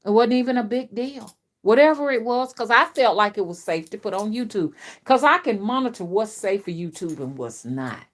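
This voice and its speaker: A woman's voice: animated, normal speed. Chatty middle-aged woman rambling on a live stream. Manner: chatty, repetitive, with big swings in pitch and loudness. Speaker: spiritual reader and channel host.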